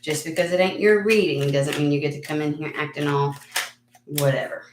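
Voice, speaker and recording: A woman's voice: low voice, brisk. A woman hosting a casual tarot reading vlog, chatty and frank, swearing freely and laughing at herself. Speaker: tarot reader and channel host. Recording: echoey room with faint noise.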